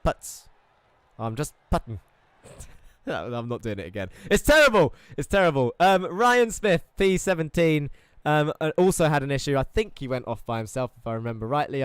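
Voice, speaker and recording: A man's voice: a little high, expressive, fairly quick, smooth, no room sound, studio quality. A man commentating on an esports racing event, running through results and standings in a chatty, upbeat way with self-deprecating asides.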